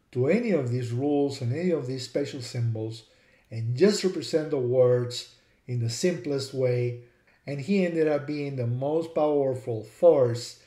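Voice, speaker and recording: Male teacher, mellow voice, patient step-by-step explainer, roomy echo. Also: mid-range voice. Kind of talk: explanatory lesson.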